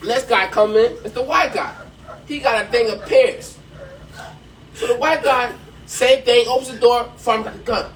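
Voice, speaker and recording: Man, podcast host, high voice, lively joke-teller, faint background noise. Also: moderate pace, distant mic, low-quality recording. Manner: animated storyteller who laughs at his own punchline. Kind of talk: telling a joke, casual.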